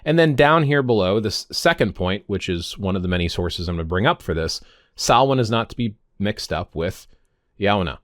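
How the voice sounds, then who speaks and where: A man's voice: fairly low pitch, lively intonation, moderate pace, no echo, studio quality. A man in his fifties talking casually to camera in a vlog, rambling and often stopping to correct himself. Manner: rambling, self-correcting, stumbles on words. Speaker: pagan vlogger.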